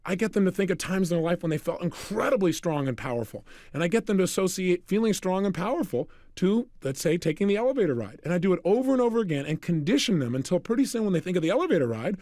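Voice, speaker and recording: A man giving a motivational talk, telling energetic stories and acting out the dialogue. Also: a little high, no room sound, clean studio sound. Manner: energetic, storytelling, acts out dialogue. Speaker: motivational speaker.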